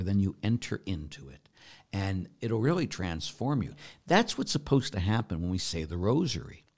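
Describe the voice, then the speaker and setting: A priest with a fairly low male voice talks through viewer questions in a relaxed, conversational way. He reads each question aloud, then answers in plain words and walks the listener through an imagined scene one step at a time. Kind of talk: casual spiritual Q&A, reading questions aloud.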